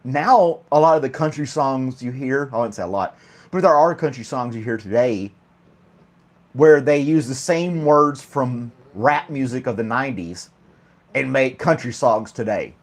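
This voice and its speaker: A man's voice: medium pitch, animated, unhurried. A man hosting a casual morning chat show, joking and laughing often while a pet clings to his arm. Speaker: host.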